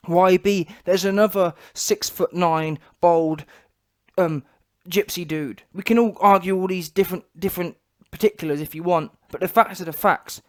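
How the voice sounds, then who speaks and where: A British man with a British English accent, ranting in an emphatic, repetitive and mocking way on a boxing vlog. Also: high-pitched. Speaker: boxing vlogger. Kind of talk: opinionated vlog rant.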